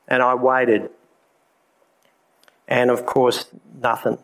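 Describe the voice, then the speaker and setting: A man's voice: medium pitch, fairly even intonation, unhurried, low-quality recording. A man giving his personal testimony to a church congregation, candid and conversational, with many fillers. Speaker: preacher sharing his testimony.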